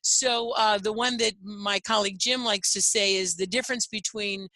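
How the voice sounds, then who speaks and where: A woman's voice: medium pitch, fairly even intonation, normal speed, hardly any pauses, sharp tone, dry recording, low-quality recording. A woman guest educator in a casual conversation, explaining concepts in a chatty way. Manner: chatty, explanatory, laughs easily.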